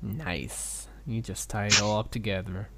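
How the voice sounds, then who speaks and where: A man's voice: lowish voice, steady tone, unhurried, background noise. A man co-hosting a crude comedy chat, teasing his partner and joking around. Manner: jokey, teasing, jumps into goofy voices. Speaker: co-host.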